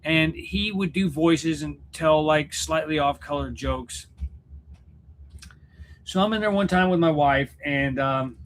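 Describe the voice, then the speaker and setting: On his channel's casual livestream, a musician and YouTube host rambles jokingly, often interrupting himself to start sentences over. He speaks slowly in a fairly high voice, recorded on a home computer setup with slight background noise.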